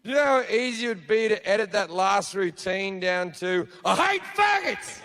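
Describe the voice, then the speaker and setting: A man's voice: high-pitched, fairly even intonation, moderate pace, a bit bright, a little hiss or hum. A man performing a profane, storytelling stand-up comedy routine on a theater stage.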